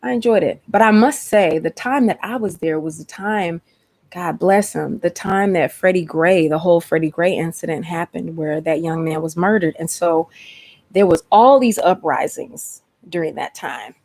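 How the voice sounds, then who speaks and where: A woman from Atlanta, hosting a casual livestream chat. She is chatty and expressive, and she calls her listeners "honey" and "y'all.". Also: lowish voice, normal speed. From Atlanta, Georgia, USA. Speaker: host.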